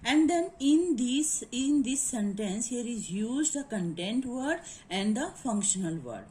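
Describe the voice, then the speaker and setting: A woman's voice: a little high, sing-song, measured pace, darkish tone, slight background noise, low-quality recording. A woman teacher with an Indian English accent, explaining grammar in a lecture and checking that students follow. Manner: explanatory, repeats points and asks "is it clear?". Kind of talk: classroom lecture.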